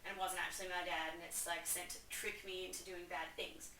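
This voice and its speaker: A woman's voice: on the low side, flat delivery, brisk, bright, forceful tone, echoey room, recorded from a distance, slight background noise, rough recording. A woman putting on a whiny, indecisive young prince who talks in modern slang, melodramatic and wavering. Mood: pleading.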